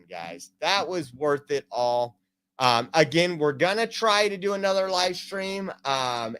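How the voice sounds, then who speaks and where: His voice sits a little high, a bit bright and clean, with no echo. He's a man casually live streaming from his home computer, rambling with plenty of fillers and reading jokes out loud.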